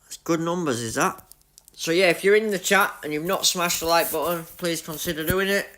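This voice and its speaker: A man from Yorkshire, with a bright, forceful voice sitting a little high, commentates his racing game live. He is chatty and excitable and keeps talking to his viewers. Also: brisk. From Leeds, Yorkshire, England. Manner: excitable, chatty, talks to chat. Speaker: gaming streamer.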